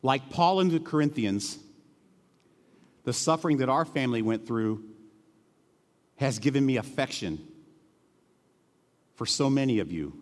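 A middle-aged male pastor preaching a sermon in a church, earnest and emotional, dropping to hushed tones and then rising to emphatic peaks. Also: mid-range voice, expressive, unhurried, long pauses, in a large hall. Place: church sanctuary.

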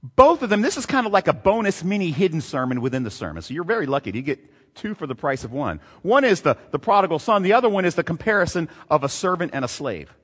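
A male pastor preaching a sermon, animated, reading scripture and throwing out rhetorical questions, recorded in a large hall or church. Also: a little high, fast, breathy edge. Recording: long hall reverb.

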